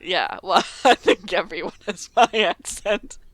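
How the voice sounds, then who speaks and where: A woman co-hosting a casual podcast about tabletop games, laughing often and pausing with ums. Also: mid-range voice. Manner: laughs easily, hesitant, lots of ums. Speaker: podcast co-host and game master.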